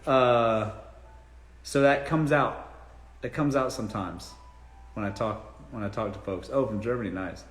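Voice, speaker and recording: A man with a Southern drawl hosts a relaxed live Q&A from home. His advice comes out blunt and salty, full of swearing and teasing. The room around him rings with a noticeable echo. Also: medium pitch, unhurried, long pauses, slight background noise. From South Carolina. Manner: blunt, profane, joking. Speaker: live-stream host answering dating questions. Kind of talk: casual live-stream Q&A.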